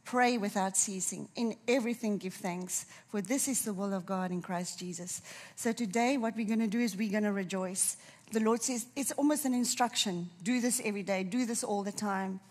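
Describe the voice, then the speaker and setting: A woman's voice: medium pitch, moderate pace, a little mellow. Emphatic woman preacher with a runny nose. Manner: emphatic, repeats key phrases. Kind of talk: sermon.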